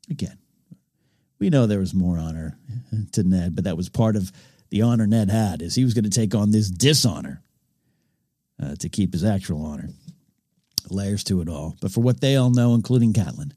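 A man's voice: low voice, warm tone, dry recording, studio quality. A man hosting a podcast, recapping an episode in an enthusiastic, rambling way with frequent restarts. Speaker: podcast host. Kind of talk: casual episode recap commentary.

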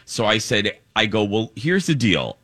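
Man, radio co-host, bright tone, dry sound, animated storyteller. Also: moderate pace, no echo. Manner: animated storyteller, mimics high voices. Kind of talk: storytelling banter.

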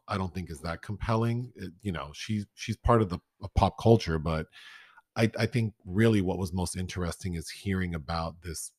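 A man's voice: low-pitched, animated, normal speed, a little mellow, no echo, clean studio sound. A man co-hosting a casual chat about films, talking frankly and with opinions. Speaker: podcast co-host.

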